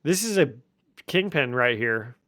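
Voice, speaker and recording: Bright, clear-voiced male podcast host. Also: medium pitch, measured pace, dry recording, clean studio sound. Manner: animated storyteller who laughs often. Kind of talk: casual podcast chat.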